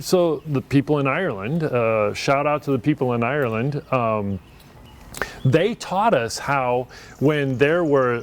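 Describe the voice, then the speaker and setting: Earnest man, a priest chatting. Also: medium pitch. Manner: earnest, reflective, talks in loose restarts. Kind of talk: casual conversation.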